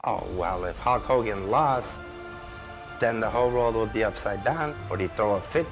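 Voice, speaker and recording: A man's voice: on the low side, normal speed, music in the background. Wry man recounting an old story. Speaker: interviewee.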